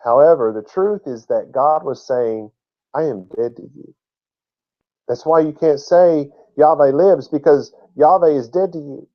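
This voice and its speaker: A man's voice: on the high side, unhurried. Guy teaching bible verses sermon style, leans hard on words, muffled lo-fi sound. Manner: emphatic, laughs at his own slips.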